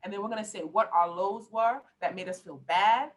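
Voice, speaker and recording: A woman's voice: mid-range voice, normal speed, a little hiss or hum, poor audio. A middle-aged woman life coach talking on a podcast, passionate and emphatic, with lots of preacher-like repetition. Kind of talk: podcast conversation.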